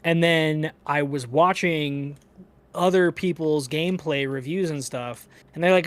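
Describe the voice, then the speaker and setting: Animated, swearing man in a gaming chat. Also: fairly high pitch, measured pace. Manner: animated, profane, ranting. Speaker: podcast co-host. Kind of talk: casual gaming podcast chat.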